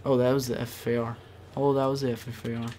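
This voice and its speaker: A man's voice: mid-range voice, fast, slight background noise. Rambling young-sounding male gamer. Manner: rambling with many fillers, bursts of excitement. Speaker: gaming channel host. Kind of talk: casual gameplay commentary.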